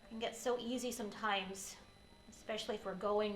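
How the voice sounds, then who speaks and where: Woman, yoga teacher, gentle unhurried cues, echoey studio, faint room hum. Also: medium pitch, fairly even intonation. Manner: gentle, unhurried cueing of breath and posture. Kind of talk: guided yoga class instruction.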